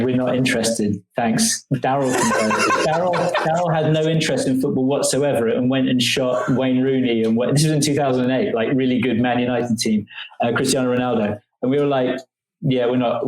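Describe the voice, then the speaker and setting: A man's voice: medium pitch, fairly even intonation, brisk, reverberant, poor audio. A man co-hosting a podcast, telling stories in a chatty way with lots of fillers over a video call from home. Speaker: podcast co-host. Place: home room.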